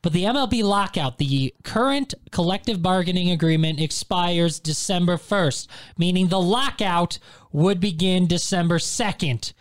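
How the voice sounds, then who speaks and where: A man's voice: high voice, normal speed. A man hosting a casual sports talk show, steering the segment and plugging social media handles in an upbeat way. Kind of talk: casual sports radio chat.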